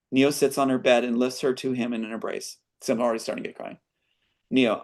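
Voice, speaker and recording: A man's voice: mid-range voice, fairly even intonation, fast. A screenwriter reading his screenplay aloud as a guest, breaking off with earnest asides.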